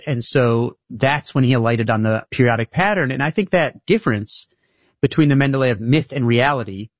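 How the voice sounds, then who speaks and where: A man talking as a guest author in an interview, explaining things carefully and sometimes restarting his sentences. His voice sounds slightly muffled and dull. The room sounds dry, with no echo. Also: mid-range voice. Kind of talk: interview conversation.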